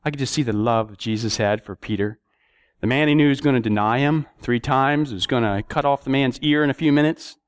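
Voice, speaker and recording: A man preaching a sermon, telling stories and acting out prayers and dialogue with sudden rises in pitch. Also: fairly quick, smooth, dry recording.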